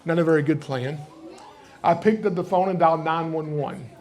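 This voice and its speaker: A man's voice: on the high side, normal speed. A middle-aged man with a Southern US accent from Georgia, telling folksy, joking stories as he gives a live reptile program to an audience in a library. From Georgia, USA. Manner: joking, folksy, animated storyteller. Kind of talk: live storytelling talk to an audience.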